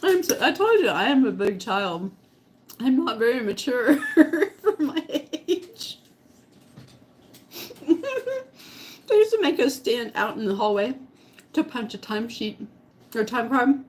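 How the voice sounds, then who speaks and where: A woman's voice: on the high side, very animated, unhurried, long pauses, darkish tone. A middle-aged woman vlogger telling a story to her live chat, laughing often and eating as she talks. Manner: giggly, laughs often while talking; eating while talking.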